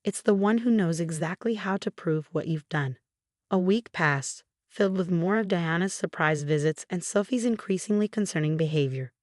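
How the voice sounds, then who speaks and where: A woman narrating a first-person scripted story in a steady, measured way. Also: fairly low pitch, dry recording, clean studio sound.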